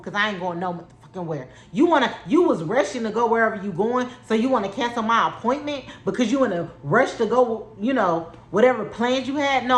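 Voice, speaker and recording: A woman's voice: mid-range voice, fairly bright tone. Heated, profane young woman in an echoey room. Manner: heated, profane, repeats herself for emphasis. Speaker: vlogger telling a story. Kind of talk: storytime vlog.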